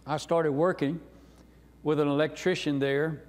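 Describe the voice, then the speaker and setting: Unhurried and steady, his slightly high voice carries a personal testimony through a reverberant church sanctuary. The man is a North Carolina guest preacher with a warm, folksy, earnest storytelling style.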